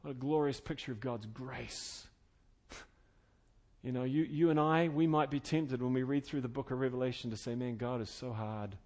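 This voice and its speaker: A man preaching an expository sermon, earnest and conversational, swinging between loud fervent emphasis and quiet intimate tones. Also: mid-range voice, normal speed. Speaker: pastor.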